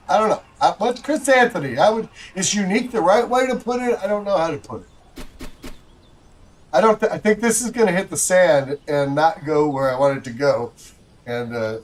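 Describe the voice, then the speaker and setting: A man's voice: on the high side, lively intonation, normal speed, slight background noise, low-quality recording. A man hosting a livestream, giving rambling, chatty commentary to viewers while he plays a golf game. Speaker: livestream host. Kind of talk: casual gameplay commentary.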